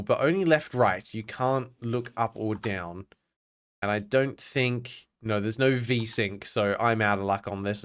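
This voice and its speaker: A man's voice: medium pitch, a bit bright. An Australian man streaming a game, chatting casually and reading on-screen text aloud with self-mocking asides. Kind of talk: casual gameplay commentary.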